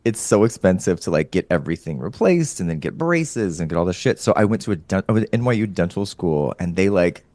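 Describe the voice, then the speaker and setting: A man in casual chat, an animated storyteller who swears and laughs often. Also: low-pitched, brisk, few pauses, no room sound. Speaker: podcast guest, comedian.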